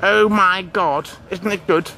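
A man's voice: high voice, steady tone, slow, bright, forceful tone, a little hiss or hum. A man hosting a casual vlog outdoors in a park, with a theatrical, sing-song delivery. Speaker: vlogger host.

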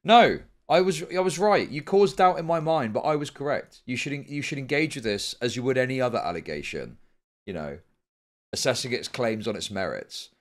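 A man's voice: mid-range voice, expressive, fairly quick. A man streaming live commentary, arguing heatedly and swearing often.

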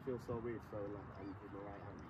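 A man's voice: fairly low pitch, level tone, quick pace, a little mellow, far from the mic, a little hiss or hum. A man bantering while he fishes at a lakeside, jokey and self-mocking. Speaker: angler. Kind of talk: casual banter while fishing. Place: outdoors at a lakeside.

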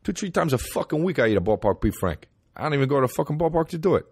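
A man voicing a loud, pushy New York guy with a New York accent who swears constantly. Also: on the high side, sing-song, racing, breathy edge, dry recording, studio quality, voice pushed up, heavily acted. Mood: brash. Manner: brash, swearing, insistent.

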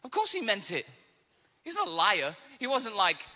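A man preaching a sermon as pastor, telling stories with casual asides and lively acted quotes. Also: very high voice, moderate pace, big-room sound. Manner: animated storytelling, casual asides. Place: church auditorium.

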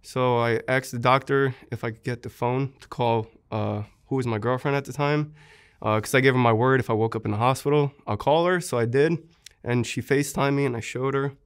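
A man's voice: medium pitch, fairly even intonation, brisk, clear, resonant tone. A young man, a war veteran, earnestly recounting how he was wounded, in an interview, with many fillers.

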